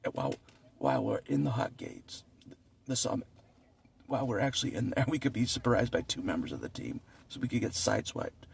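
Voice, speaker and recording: A man's voice: mid-range voice, expressive, fairly quick, vocal fry. A man talking in a rambling, earnest casual monologue, often laughing and repeating himself. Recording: distant mic with faint background noise.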